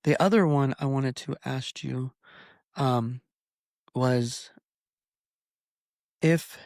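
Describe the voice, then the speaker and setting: A man's voice: medium pitch, extremely slow, darkish tone, no echo, clean studio sound. A man co-hosting a podcast, telling a personal story in an earnest, rambling way with many fillers and restarts. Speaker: podcast co-host. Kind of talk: casual podcast chat.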